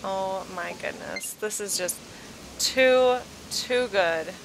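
A woman with a mid-range voice unhurriedly leads a video tour of a game island, effusive and exclaiming often though drowsy and yawning. Background music and some noise sit behind the casual gameplay chatter.

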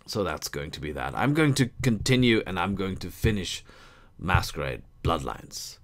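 Low-voiced guy rambling to his viewers, lots of ums, lively ups and downs, dry jokes. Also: moderate pace. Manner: hesitant, full of ums, dry humor. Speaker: YouTube gamer and whisky vlogger. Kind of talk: casual chat to camera.

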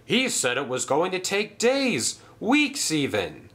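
A man's voice: high-pitched, wildly swooping pitch, takes it slowly, a bit bright, pitched above the performer's own voice, exaggerated voice. A man voicing a firm but kind male railway boss who speaks in a commanding, formal way.

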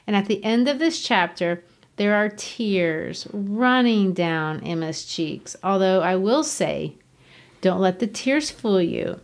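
A woman's voice: mid-range voice, expressive, slow. A woman hosting a podcast, explaining a novel in an earnest, emphatic way. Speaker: podcast host. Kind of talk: literature discussion.

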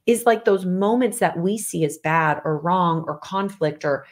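A woman's voice: fairly low pitch, unhurried. A woman co-hosting a podcast, talking casually and emphatically with her husband, laughing often. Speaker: podcast co-host. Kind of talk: casual conversation with spouse.

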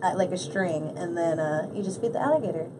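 A woman guest on a podcast in casual chat, relaxed and laughing easily, recorded in a radio studio room. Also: lowish voice, a little fast. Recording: distant mic, clear background noise.

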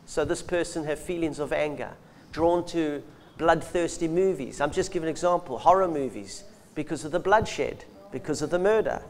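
Earnest male minister, slightly high voice. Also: moderate pace. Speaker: minister co-teacher. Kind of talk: conversational teaching.

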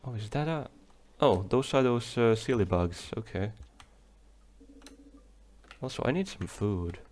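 A man giving relaxed, chatty commentary while playing a game, talking to the creatures on screen. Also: mid-range voice, a little slow, slight background noise. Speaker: let's play gamer. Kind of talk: casual gameplay commentary. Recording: faint game music behind.

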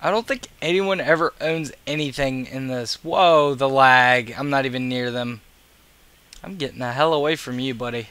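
A man's voice: mid-range voice, moderate pace, fairly bright tone, smooth, dry recording. Tired, grumbling gamer man. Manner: profane, grumbling, sarcastic. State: tired and yawning. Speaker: gaming video creator. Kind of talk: casual gameplay commentary.

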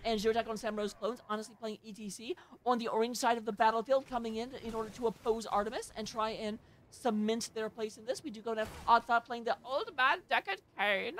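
A woman calls an amateur esports match at a rapid clip, her voice sitting a little high. She talks in a chatty, excitable way and drops joking asides between the plays. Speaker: esports caster. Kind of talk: play-by-play game commentary.

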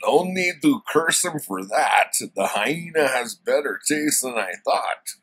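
A man putting on a deliberately awkward voice for Conan, a gruff, wry barbarian warrior. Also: medium pitch, expressive, a bit bright, voice pushed up, exaggerated voice. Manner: self-mocking, deliberately awkward hero voice.

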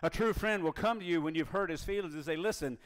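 Man, pastor mid-sermon. Slightly raised pitch, slow drawn-out emphasis on scripture.

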